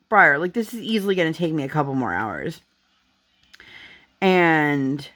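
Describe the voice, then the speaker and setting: A woman's voice: lowish voice, very animated, normal speed, fairly bright tone. Chatty young woman, crafting vlog. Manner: chatty, storytelling with lots of "like". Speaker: crafting vlogger. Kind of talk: casual chat while crafting. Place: home.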